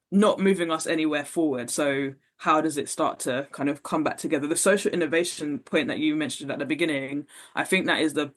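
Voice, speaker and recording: A woman, a podcast guest speaking thoughtfully in a conversational interview, with frequent fillers. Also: low-pitched.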